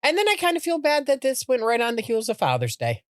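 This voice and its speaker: A middle-aged woman, a podcast co-host, telling a personal story in a halting, heartfelt way with many restarts. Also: a little high, wildly swooping pitch, no room sound, studio quality.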